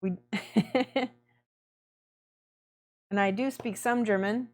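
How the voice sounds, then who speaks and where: A woman's voice: medium pitch, drawn-out words, long pauses, darkish tone. A middle-aged woman hosting a miniature painting livestream, chatting casually and laughing often as she greets viewers by name.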